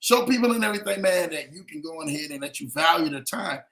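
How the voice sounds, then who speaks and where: A man hosting a casual livestream, animated and repeating "man" and "brother" as he shouts out viewers. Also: high voice, fast, creaky, rough recording. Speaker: livestream show host.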